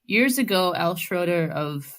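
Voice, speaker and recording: A woman's voice: fairly low pitch, expressive, a little slow, fairly bright tone. A woman co-hosting a casual podcast, reading listener mail aloud with giggly, self-deprecating asides. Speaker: podcast co-host.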